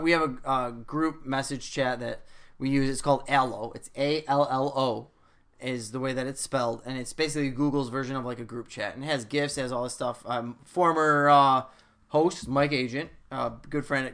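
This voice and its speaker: A man hosting a casual sports podcast, an animated storyteller who swears freely. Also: medium pitch, brisk. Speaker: podcast host.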